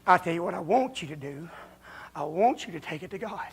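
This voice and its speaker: A man preaching a folksy, confrontational revival sermon as a visiting preacher in a church, building up to shouting. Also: high voice, animated, brisk, slight background noise. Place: church during a revival service.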